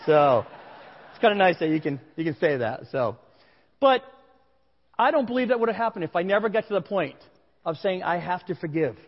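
This sermon comes from a male pastor whose high-sitting, animated voice moves fairly quickly and often stops to pause. He recounts an honest personal story conversationally before a congregation gathered in a large room. The audio is muffled and carries a long, hall-like reverb.

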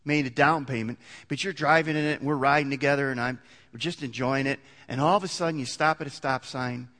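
A man's voice: mid-range voice, steady tone, fairly quick, pushed and bright. A man preaching a sermon in a conversational way, often restarting his sentences and building to emphatic peaks. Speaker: pastor. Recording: long hall reverb.

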